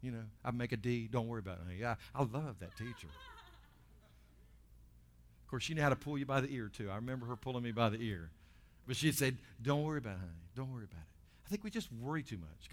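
A man preaching to his congregation. He swings from loud, lifted bursts down to quiet, low asides. His voice sits at an ordinary middle pitch. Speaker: pastor. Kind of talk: sermon.

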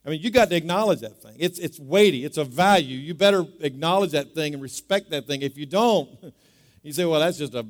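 A male pastor with a fairly high voice preaches briskly in a church sanctuary, speaking conversationally. He repeats words and asks the congregation to say them back, with the large hall giving a long reverb.

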